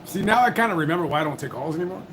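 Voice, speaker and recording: A man's voice: a little high, animated, very fast. Guy running a call-in stream, cusses a lot, impatient, noisy hum in the background. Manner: blunt, profane, impatient. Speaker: livestream host taking calls. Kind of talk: casual live call-in chat.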